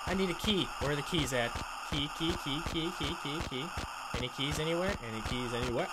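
A man's voice: fairly high pitch, fairly quick. Jumpy, swearing young man with audible noise. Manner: swears a lot, jumpy, shouts when startled. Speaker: gaming channel host. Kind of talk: horror game commentary.

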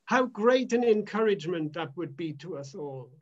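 A man minister preaching a sermon in an emphatic, measured way, repeating phrases for weight. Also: high-pitched, animated, lo-fi sound.

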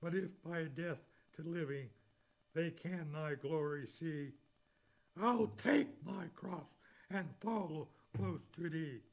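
A man preaching a sermon, slowly and deliberately reading scripture and hymn lyrics. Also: on the high side, darkish tone, low-quality recording.

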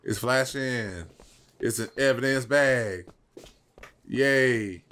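A man's voice: mid-range voice, very slow, fairly bright tone. A man commentating a video game as he plays, bantering in a profane, playfully exasperated way. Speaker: gameplay commentator. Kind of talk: let's play banter.

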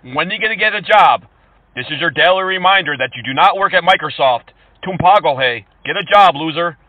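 Mocking prank caller on a tinny line. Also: male voice, fairly high pitch, lively intonation, a little fast, no room sound. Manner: mocking, insulting, swings between fake-polite and yelling. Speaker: scam-baiting prank caller. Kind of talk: prank phone calls. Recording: tinny phone-call audio.

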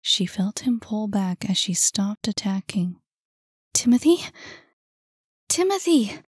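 A woman author narrating her own story in a soft, hushed reading voice. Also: medium pitch, little pitch movement, unhurried, slightly rough, no echo, studio quality.

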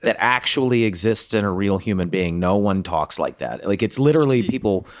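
Lively-voiced man from the South. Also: lowish voice, brisk. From American South. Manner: emphatic, talks through points with many fillers. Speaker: podcast co-host. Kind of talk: casual chat.

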